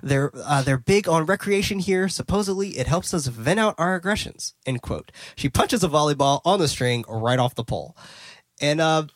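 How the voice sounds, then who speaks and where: Casual male podcast host, somewhat high voice, dry close sound, laughs a lot between lines. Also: lively intonation, normal speed, no echo. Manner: laughs often, restarts phrases. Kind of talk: casual podcast recap, reading scene descriptions.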